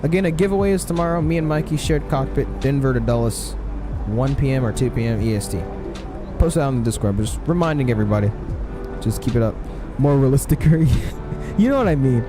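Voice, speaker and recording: A man's voice: medium pitch, expressive, a little fast, over music. A man live-streaming a flight simulator, chatting casually, answering his chat with lots of fillers.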